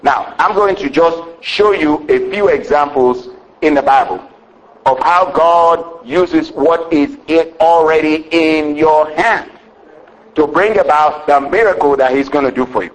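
A man preaching a sermon to a congregation, calling for amens and rising to excited shouts. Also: on the high side, unhurried, low-quality recording. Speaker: pastor.

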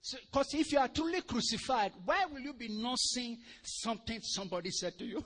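A man with a high voice preaches a sermon. He moves between slow, deliberate scripture reading and bursts of loud, animated exhortation. His delivery rises and falls sharply in volume. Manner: animated, swings from quiet to loud and laughing.

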